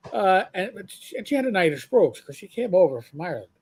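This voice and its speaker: A man's voice: high-pitched, sing-song, quick pace, breathy edge. A middle-aged man co-hosting a podcast, telling rambling anecdotes in casual chat with blunt profanity. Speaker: podcast co-host.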